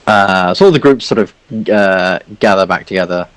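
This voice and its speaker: A man's voice: low-pitched, moderate pace, clear, resonant tone, no room sound, poor audio. A man narrating a tabletop game as game master, rambling with lots of fillers.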